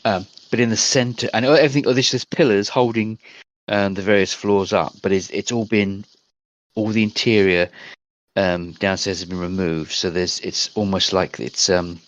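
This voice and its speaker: A man with a fairly low voice runs a tabletop game over online chat. He describes each scene in a rambling, hesitant way, stopping on small fillers as he goes. The sound is dry, with no room around it. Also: steady tone, moderate pace, no echo, dull audio. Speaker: game master.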